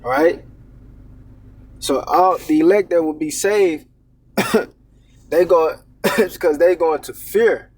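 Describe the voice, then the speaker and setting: A man preaching in an unhurried, casual way, reading verses and then explaining them. His voice is a bit husky and sits fairly high for a man. He sounds set back from the microphone. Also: darkish tone, distant mic. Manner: reads verses aloud then comments, adds "man" and "all right?". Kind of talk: informal scripture teaching.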